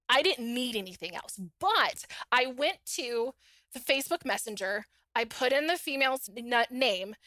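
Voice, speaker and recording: A woman's voice: sits high, dry recording. A middle-aged woman, a podcast guest, casually telling her own story and acting out the dialogue in it. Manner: animated, acts out quoted dialogue.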